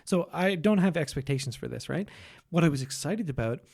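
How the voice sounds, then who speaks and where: A man's voice: fairly high pitch, lively intonation, fairly quick, gravelly, darkish tone, breathy edge. Rambling, laughing man hosting a podcast. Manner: rambling, restarts and laughs a lot. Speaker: podcast host. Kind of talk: casual chat.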